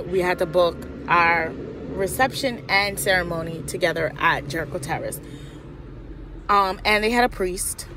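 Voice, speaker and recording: A woman's voice: lowish voice, noisy background. A young woman telling a frustrated, swear-laced storytime in a casual vlog, full of "like" and fillers. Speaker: vlogger.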